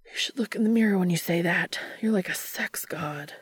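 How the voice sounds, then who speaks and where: A woman voicing an eager, flustered young adult man who talks in breathy, urgent whispers. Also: lowish voice, normal speed, no echo.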